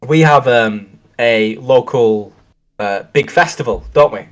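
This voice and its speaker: A man's voice: medium pitch, takes it slowly. A middle-aged man co-hosting a casual chat, talking in rambling, reflective sentences full of restarts. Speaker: co-host.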